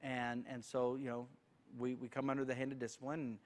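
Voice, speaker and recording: A man's voice: mid-range voice, flat delivery, fairly quick, a little mellow. A male pastor, leading a church Q&A in a folksy, joking way. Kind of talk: church Q&A teaching.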